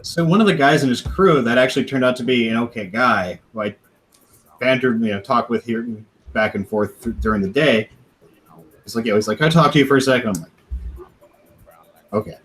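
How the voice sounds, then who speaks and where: A man's voice: medium pitch, lively intonation, moderate pace, pauses often, slight background noise, low-quality recording. A man on a podcast casually telling a long profane story, laughing now and then and acting out what others said. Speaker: podcast host.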